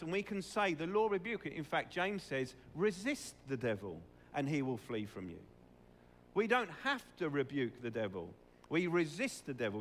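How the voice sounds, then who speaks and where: Preacher in a reverberant hall. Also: male voice, on the high side, a bit bright, slight background noise. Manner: conversational, asks the congregation questions. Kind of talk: sermon.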